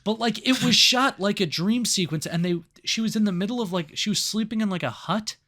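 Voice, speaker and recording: A man's voice: high-pitched, brisk. A man co-hosting a casual movie review podcast, cursing freely and acting out scenes as he retells them. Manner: swears freely, retells scenes with animated voices. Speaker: podcast co-host.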